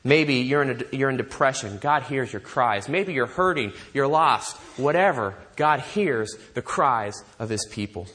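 A man preaching a sermon, animated, asking his listeners rhetorical questions. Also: mid-range voice, a little slow, hardly any pauses. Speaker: pastor.

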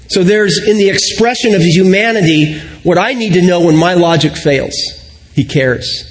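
A middle-aged man preaching a sermon, telling stories reflectively and slowing and softening on key points. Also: sits high. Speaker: pastor.

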